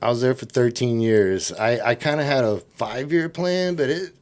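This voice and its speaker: Animated Southern man telling stories. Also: medium pitch, normal speed. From East Texas and Oklahoma. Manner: animated, laughing, puts on voices for quotes. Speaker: podcast guest. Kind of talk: casual storytelling.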